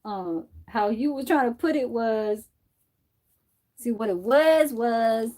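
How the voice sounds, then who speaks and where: Woman streamer, casual, profane, rambling, unhurried delivery; fits a relaxed hair-dye vlog. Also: fairly high pitch. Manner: loose, profane and rambling, with frequent laughter. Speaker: livestreamer. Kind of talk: casual chat while dyeing her hair.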